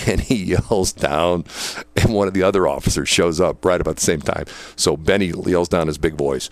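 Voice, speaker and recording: A man's voice: low-pitched, animated, brisk, vocal fry, no echo. A man and former police dispatcher telling old work stories in a rambling, casual way, full of fillers and laughter. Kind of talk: casual storytelling.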